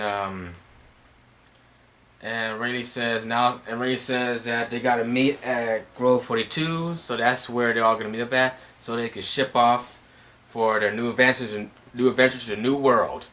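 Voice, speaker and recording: A man casually retelling and reviewing a comic chapter, excitable, rambling and profane. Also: medium pitch, a little slow. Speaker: manga reviewer.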